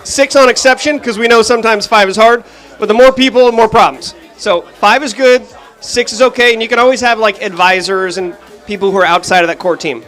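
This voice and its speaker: A man's voice: sits high, fairly quick, fairly bright tone, faint music behind, rough recording. A man hosting a live kickoff event as its director, joking with the crowd and walking through the rules. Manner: upbeat, joking crowd work. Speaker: event host and center director. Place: event room with an audience.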